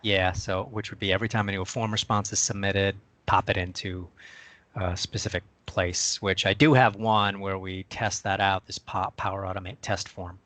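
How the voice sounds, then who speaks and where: A man on a video call sharing his screen and walking through a software demo step by step in a chatty way. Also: sits low, steady tone, normal speed. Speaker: co-presenter.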